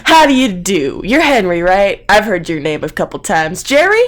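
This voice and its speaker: A woman's voice: mid-range voice, very animated, moderate pace, close to an everyday voice. A woman voicing a short, goofy, flirty man with a drawling, playful way of talking. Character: goofy cowboy-ish short blonde man, flirty and odd.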